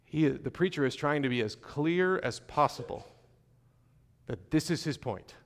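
A male pastor preaching a sermon in a measured, conversational way, with fillers and restarts, slowing to stress key phrases. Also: fairly high pitch, animated. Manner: slows and stresses key phrases when reading scripture.

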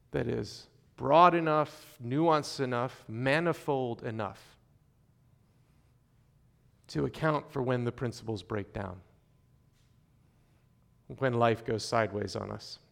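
A man delivers a sermon to his congregation in a mid-pitched voice. He talks in a conversational, measured way, with fillers and restarts. He slows down to stress key phrases. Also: gravelly. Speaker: pastor.

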